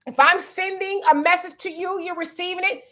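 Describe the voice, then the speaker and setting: A woman's voice: extremely high pitch, steady tone, a little fast, sharp tone. A woman hosting a talk show, explaining her views in an emphatic, lecturing way and breaking her points down step by step. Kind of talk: opinion talk show commentary.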